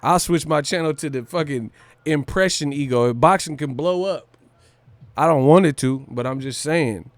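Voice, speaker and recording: A man's voice: fairly high pitch, normal speed, dry recording. Brash, profane man hyping his livestream. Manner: brash, profane, boastful, hype; breaks into brief celebrity impressions and laughs. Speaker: boxing livestream host. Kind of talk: casual livestream rant.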